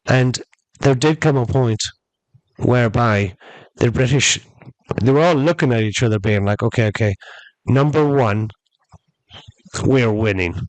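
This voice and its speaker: A man's voice: mid-range voice, a little mellow, no room sound, rough recording. A man hosting a podcast, telling a long story in a rambling, chatty way and calling his listeners folks. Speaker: podcast host. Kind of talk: casual storytelling monologue.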